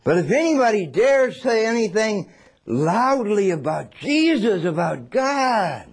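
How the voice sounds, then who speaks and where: Male preacher, dramatic sermon delivery, somewhat high voice, swings loud and hushed, acts out scenes. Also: big pitch swings, unhurried, breathy edge.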